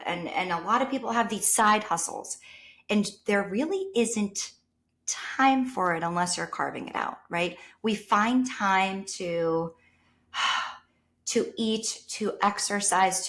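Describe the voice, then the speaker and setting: Guest spot: New York woman, teacher, animated storyteller who acts out the people she quotes, mid-pitched. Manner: animated storyteller, voices quoted people, sometimes drops to a whisper. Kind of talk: casual conversation.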